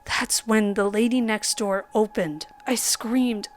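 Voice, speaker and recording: A woman reading a true horror story as a measured, dramatic narrator who sometimes drops to a whisper. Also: on the high side, steady tone. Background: faint background music.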